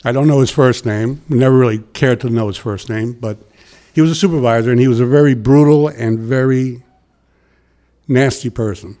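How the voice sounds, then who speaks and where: A man's voice: medium pitch, normal speed. A middle-aged man, a retired transit worker giving an interview and telling stories, acting out the quotes. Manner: animated storyteller who acts out quotes. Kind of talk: casual storytelling interview.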